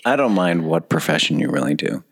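A man's voice: rumbling low, sing-song, a little fast, gravelly, husky. A man in his forties co-hosting a podcast, joking and swearing in casual comedic banter. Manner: profane, laughing, joking. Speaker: podcast co-host.

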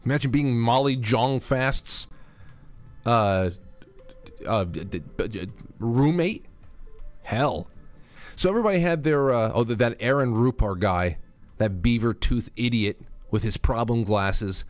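A man's voice: mid-range voice, a little slow, faint music behind. A male host giving angry, insulting, sarcastic political commentary, ranting about news clips.

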